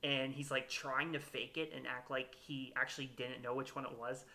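A man hosting a relaxed recap podcast, his voice bright and clear in the middle of his range. He talks casually and hesitantly, full of ums and self-corrections. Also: medium pitch, normal speed. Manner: hesitant, lots of fillers and restarts. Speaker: podcast host. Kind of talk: casual reality-show recap chat.

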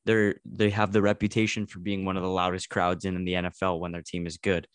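A man from Canada hosts a casual sports podcast and moves the chat along with easy questions. His voice sits low, and it is captured close and dry. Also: flat delivery, fast talker, clear, resonant tone, dry recording. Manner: easygoing, steers the talk with questions. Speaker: podcast host.

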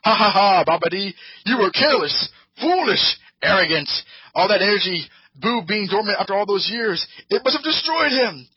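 A man voicing a gleeful male deity who crows and taunts loudly. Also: sits high, sing-song, extremely slow, few pauses, breathy edge, no room sound, dull audio, voice pushed up, full character voice. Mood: triumphant.

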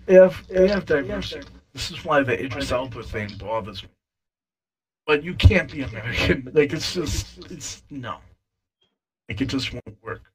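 A man in a casual podcast chat, speaking at a middling pitch. He argues his opinions emphatically and drops the odd curse word. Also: animated, normal speed, low-quality recording.

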